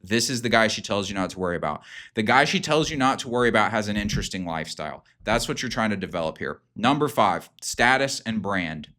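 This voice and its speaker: A man's voice: fairly low pitch, animated, quick pace, pushed and bright. A man hosting a self-improvement video, talking in a casual, rambling and emphatic way, full of fillers and swearing. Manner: rambling, filler-heavy, profane; emphatic, hyping. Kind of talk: casual unscripted monologue.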